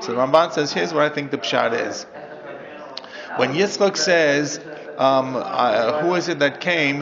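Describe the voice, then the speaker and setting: Man, rabbi giving a lesson, gravelly voice, reads and translates text, muffled lo-fi audio, students talking in background. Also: on the high side. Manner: explains step by step, reads Hebrew then translates. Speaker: rabbi teaching a text class. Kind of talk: classroom Torah lesson. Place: classroom with students. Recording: dull lo-fi audio with class chatter.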